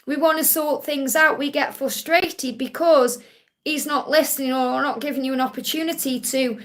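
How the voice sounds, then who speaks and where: High-voiced woman giving live spiritual readings. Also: steady tone, normal speed, fairly bright tone. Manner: reassuring, repeats key points, calls viewers honey. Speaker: spiritual reader hosting a live Q&A.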